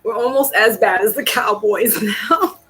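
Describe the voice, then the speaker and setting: A woman hosting a casual live stream, rambling in an animated, slangy, emphatic way, with sighs and laughs. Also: mid-range voice, measured pace, low-quality recording. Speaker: tarot reader and live stream host.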